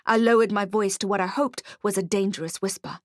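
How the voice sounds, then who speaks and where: A woman's voice: mid-range voice, steady tone, fairly quick, no room sound, studio quality. A woman narrating a first-person urban fantasy audiobook in a wry, hardboiled detective manner.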